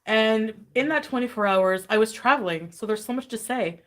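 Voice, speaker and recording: A woman's voice: fairly high pitch, animated, moderate pace, a bit bright. A woman chatting casually on a livestream, tired and giddy, greeting viewers with bubbly squeals. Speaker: livestream host.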